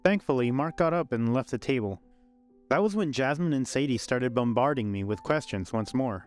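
A man narrating a scripted first-person love story in a calm, even way. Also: medium pitch, fairly quick. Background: faint background music.

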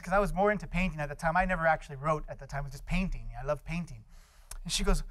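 A middle-aged man speaks as a guest lecturer, with a voice that sits a little high for a man. He tells personal stories in a relaxed, rambling way, with frequent fillers and acted-out voices of the people in them. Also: rapid-fire. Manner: anecdotal, acts out quoted voices, many fillers. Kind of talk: storytelling lecture.

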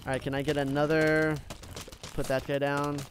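A man's voice: fairly high pitch, flat delivery, normal speed, a little hiss or hum. A young man giving casual gameplay commentary, addressing his viewers as "guys" and swinging between hype and gloom. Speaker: gaming YouTuber.

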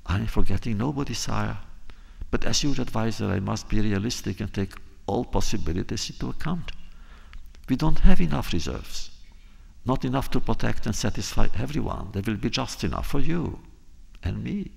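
A man voicing a cautious, practical royal counselor who reasons in a measured way. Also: lowish voice, animated, creaky, a little mellow, breathy edge, exaggerated voice. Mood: reasoning.

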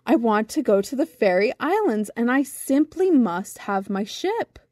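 A woman's voice: on the high side, big pitch swings, a little slow, a little mellow, no echo, clean studio sound. A woman voicing a small, brave young male bird sailor who speaks politely in a storybook reading. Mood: determined.

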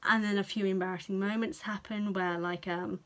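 A young woman with a British accent recaps a film for her vlog in an easy, chatty way. Her voice sits at an ordinary middle pitch, and she keeps the telling animated and unfiltered, swearing freely as she goes. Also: normal speed. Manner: chatty and animated, swears freely, playfully acts out characters' reactions. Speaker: vlogger. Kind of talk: casual film review.

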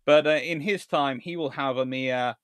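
A man hosting a live-stream history lecture, telling his story in an animated, theatrical way. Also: medium pitch, normal speed, clean tone, dry recording, studio quality. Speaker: naval historian host.

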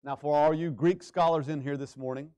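A male pastor preaching a sermon in a church, swinging between loud urgent stretches and hushed, drawn-out emphasis. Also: on the high side, fairly even intonation. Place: church sanctuary.

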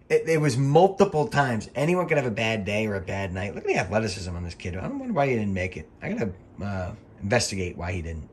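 With a fairly low voice that swings widely in pitch, plus a slight hiss or hum, a middle-aged ex-referee comments on old wrestling matches. He's rambling, chatty and profane, swearing freely as he quickly gets riled.

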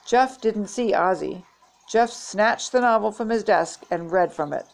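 Gravelly grandmother reading a storybook. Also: mid-range voice, expressive, measured pace, rough recording. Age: older. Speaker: storybook reader. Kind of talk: reading a children's book aloud.

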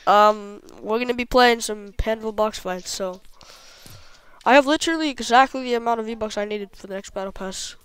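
Excitable young man gaming and chatting. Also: high-pitched, moderate pace, clean tone. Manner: excitable, bursts of loud exclamations. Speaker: gaming streamer. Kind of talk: casual gameplay chat.

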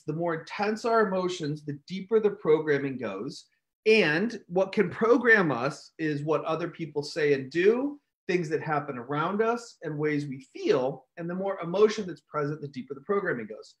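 A man hosting a casual live stream, telling a story with animated outbursts and acted-out shouts. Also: high voice. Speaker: host.

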